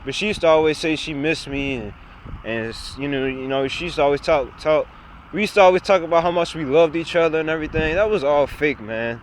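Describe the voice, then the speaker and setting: With trucks and traffic rushing by, a young man talks brisk and high-pitched into his camera, ranting loosely by the roadside. He rambles, circles back over the same points, and curses often, while wind and street sounds carry through the clip.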